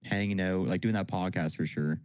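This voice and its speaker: A man's voice: low voice, steady tone, a little fast, clear, resonant tone, no room sound. A young man co-hosting a podcast, telling stories in a laid-back, rambling way. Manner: laid-back storyteller, lots of fillers. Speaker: podcast co-host. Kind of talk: casual chat.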